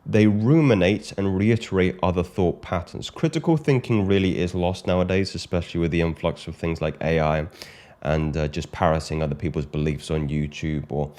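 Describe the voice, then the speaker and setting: A man with a deep, low-pitched voice gives self-improvement commentary. He speaks in a measured, reflective way and sometimes stops to restart a phrase. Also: darkish tone. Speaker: channel host.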